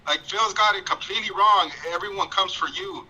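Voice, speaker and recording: A male caller with a high, very sharp voice phones in to a livestream. He talks bluntly and casually, agreeing readily with the host. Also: a little fast, low-quality recording. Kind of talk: casual call-in chat.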